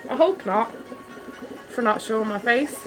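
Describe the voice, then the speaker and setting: A woman from Ireland with a Dublin accent, chatting casually on a live stream and answering viewer comments with excited warmth. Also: a little high, unhurried, music in the background, poor audio. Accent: Dublin Irish. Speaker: fish-keeping live streamer.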